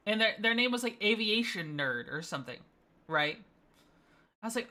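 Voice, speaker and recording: Bright-voiced woman streamer chatting casually. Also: medium pitch, animated, a little fast. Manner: chatty, laughs often, playful. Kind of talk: casual gaming stream chat.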